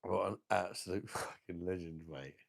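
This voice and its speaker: Gravelly low-voiced man. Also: normal speed, no echo, clean studio sound. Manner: sweary, emotional, talks to chat viewers. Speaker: beer channel host. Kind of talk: casual live stream chat.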